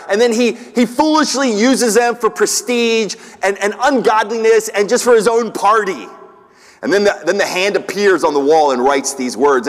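A middle-aged man delivers a sermon in a fairly high voice. He tells stories, acts out the voices in them and restarts his sentences often. The sound rings with the long reverb of a large hall. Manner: storytelling, acts out quoted voices, pauses and restarts. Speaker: pastor.

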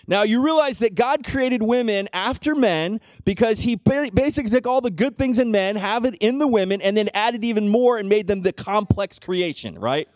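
A middle-aged man preaching a sermon, conversational, often checking in with the congregation with "right?" and dropping to a hush for personal stories. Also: animated, moderate pace, hardly any pauses, no echo, clean studio sound. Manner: drops to a hushed low voice when telling personal moments. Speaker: pastor.

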